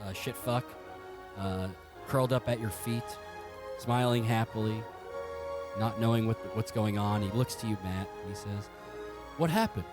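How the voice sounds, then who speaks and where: A man's voice: lowish voice, fairly even intonation, moderate pace, music in the background. Laughing man narrating as game master. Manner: laughing, rambling storyteller with many fillers. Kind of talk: comedic podcast role-play narration.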